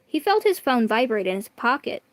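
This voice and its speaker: A woman's voice: on the high side, very animated, moderate pace, no room sound. A woman reading online fan fiction aloud in a casual, chatty way, often stumbling and correcting herself. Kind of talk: casual read-aloud with asides.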